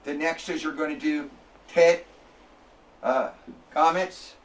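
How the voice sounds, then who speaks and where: A man lecturing a classroom, slowly spelling out sounds and checking in with his students. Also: fairly high pitch, steady tone, recorded from a distance.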